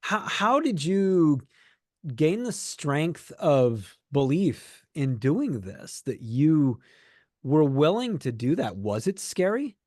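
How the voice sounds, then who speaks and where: A man's voice: fairly high pitch, very animated, slow pace, a little mellow, no room sound, studio quality. A man hosting a podcast, asking curious, encouraging questions with some hesitant restarts. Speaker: podcast host. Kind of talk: interviewing.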